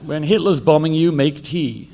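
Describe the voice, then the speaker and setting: A man's voice: on the high side, moderate pace, vocal fry. A middle-aged man with an English accent, telling a personal story in a debate and acting out the voices he quotes. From England. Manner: animated, acts out quotes with a lifted voice.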